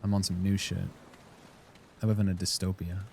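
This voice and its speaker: A man's voice: low voice, level tone, normal speed, noisy background. A man streaming a game, rambling and joking casually as he talks to his chat. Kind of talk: casual live-stream chat while gaming.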